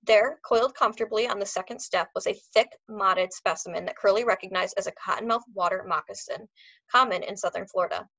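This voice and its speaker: A woman reads a novel aloud for a class, lively in delivery and quick to slip into the characters. Her voice sits in a middle range, close and dry, with a slightly muffled, dull quality to the recording. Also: medium pitch, creaky, no room sound. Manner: expressive, acts out characters. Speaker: teacher reading aloud.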